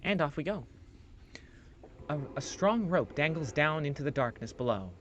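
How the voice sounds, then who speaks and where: A man's voice: a little high, lively intonation, moderate pace, highs cut off, slight background noise. A man streaming a role-playing game, rambling loosely through his commentary, swearing casually and reading the on-screen text aloud.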